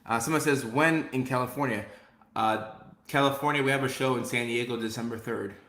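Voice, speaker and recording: A man's voice: mid-range voice, steady tone, brisk, fairly bright tone, roomy sound. Upbeat man hosting a live stream. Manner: upbeat, repeats phrases, reads chat aloud. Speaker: live stream host and comedian. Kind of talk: casual live stream chat, reading comments.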